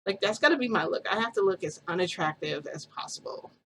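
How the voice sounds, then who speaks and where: A woman's voice: on the low side, expressive, fast, fairly bright tone, a little hiss or hum, poor audio. A young woman vlogger casually telling a story in a chatty, giggly way, full of quoted dialogue.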